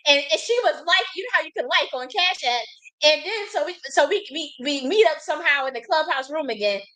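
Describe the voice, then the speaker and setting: A woman in her thirties from the United States, telling a long casual story in a blunt, profane and animated way, with many restarts. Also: high voice, brisk, low-quality recording. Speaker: host.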